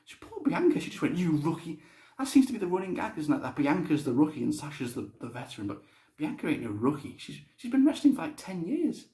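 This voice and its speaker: A man's voice: a little high, wildly swooping pitch, quick pace, warm tone. A young man giving a casual, blunt spoken review, swearing freely. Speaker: wrestling show reviewer. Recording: roomy echo.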